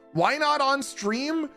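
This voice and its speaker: A man streaming from home and casually telling wild stories to his chat, swearing and laughing often. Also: very high voice. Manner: animated, profane, laughing between lines.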